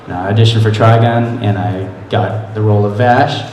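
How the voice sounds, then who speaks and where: A man's voice: fairly low pitch, steady tone, normal speed, darkish tone, slight background noise. A man answering fan questions at a convention panel, telling casual rambling anecdotes and laughing often. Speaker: convention panel guest, voice actor. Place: large convention hall. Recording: echoey hall with crowd. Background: audience murmur.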